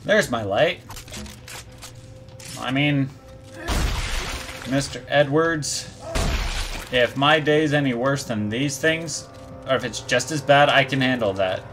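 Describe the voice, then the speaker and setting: A man giving gameplay commentary, talking back to game characters in an animated way. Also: mid-range voice, slow pace, long pauses, over music. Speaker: gaming YouTuber.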